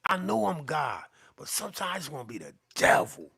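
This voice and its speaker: A middle-aged man delivers a heated, profane rant straight to camera, circling back to the same points again and again. His voice sits high, with a bright, forceful edge. He sounds worked up and sweating as he keeps pushing on. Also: huge pitch swings, a little fast, creaky, slightly rough. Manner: profane, repetitive, fired-up. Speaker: beatmaker.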